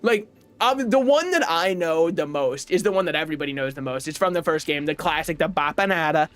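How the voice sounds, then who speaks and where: Lively 20s guy streaming a game, swears a lot, laughs, goes off on tangents, high voice that jumps all over. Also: brisk, dry recording. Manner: animated, laughing, swearing, rambling asides. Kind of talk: casual gaming livestream chat.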